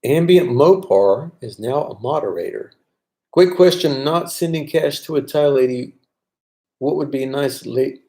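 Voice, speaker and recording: Mellow-voiced man chatting on a livestream. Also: medium pitch, unhurried. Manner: relaxed, chatty, reads viewer comments aloud. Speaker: vlogger answering live chat. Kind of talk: casual live-stream chat.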